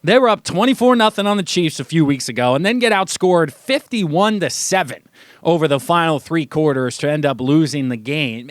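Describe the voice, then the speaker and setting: A young man runs a sports radio monologue in a high, lively voice, poking fun at what he reports. He talks casually in a radio studio, and his voice sounds close and dry. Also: no echo. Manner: animated, mocking, acts out quotes in a high voice.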